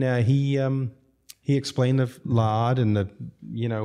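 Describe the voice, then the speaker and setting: A low-pitched man with a dark, mellow voice tells stories in a casual podcast conversation. He rambles from one anecdote to the next and pokes fun at himself along the way. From outside the United States. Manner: rambling, self-mocking anecdotes with laughs. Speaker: restaurateur guest. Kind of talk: casual storytelling chat.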